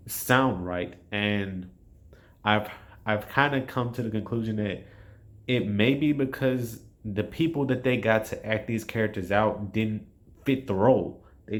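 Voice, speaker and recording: Rambling, frustrated man reviewing a film. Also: on the low side. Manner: rambling, frustrated, frequent restarts and swearing. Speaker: movie reviewer. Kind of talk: casual spoken film review.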